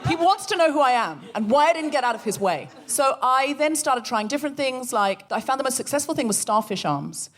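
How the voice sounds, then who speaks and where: A woman co-hosting a comedy podcast, telling a story with animated energy and acting out the voices she quotes. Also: high-pitched, a little fast, few pauses. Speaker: podcast co-host. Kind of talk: comic storytelling before a live audience.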